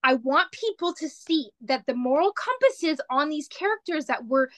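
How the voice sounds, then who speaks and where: A young woman co-hosts a podcast in casual, emphatic chat. Her high voice stays dry and close to the mic. She presses her points with passion. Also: animated, normal speed, no room sound. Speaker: podcast co-host.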